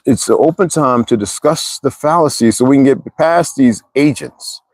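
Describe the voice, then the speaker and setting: A man's voice: mid-range voice, a little mellow, no echo, poor audio. A man in his sixties hosting a casual livestream, rambling and chatting directly to his viewers with frequent laughs. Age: 60s. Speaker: livestream host.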